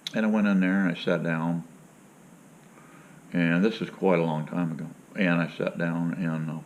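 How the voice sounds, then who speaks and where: A rambling man from Florida tells a story in a loose, folksy way, cracking jokes as he goes. The recording sounds dull and lo-fi, as if the treble were cut off. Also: on the low side. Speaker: vlogger. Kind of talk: casual storytelling rant.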